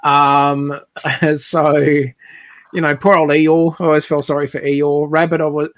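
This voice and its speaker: Rambling man, slightly high voice. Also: unhurried, dry recording. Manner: rambling, animated storyteller. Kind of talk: casual chat.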